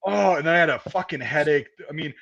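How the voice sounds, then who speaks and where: A man telling a basic-training story in casual chat, profane and animated, acting out the quotes loudly. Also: a little high, fairly quick, vocal fry, highs cut off, crowd noise. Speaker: podcast host telling a story.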